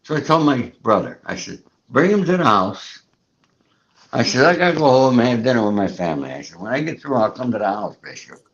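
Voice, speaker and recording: A man's voice: mid-range voice, sing-song, a little fast. A man hosting a casual chat, telling a rambling, profane story and acting out the dialogue he quotes. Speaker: show host. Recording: muffled lo-fi audio.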